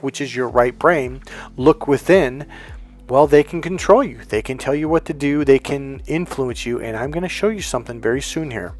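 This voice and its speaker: A man who works as a dating and relationship coach, giving an emphatic, repetitive motivational monologue. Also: mid-range voice. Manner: emphatic, repetitive, preachy lecturing.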